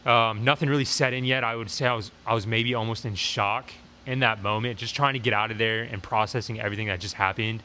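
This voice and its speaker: Animated young man telling a storytime. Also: lowish voice, fast, a little hiss or hum. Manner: animated retelling with frequent fillers. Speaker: vlogger. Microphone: lapel mic on shirt.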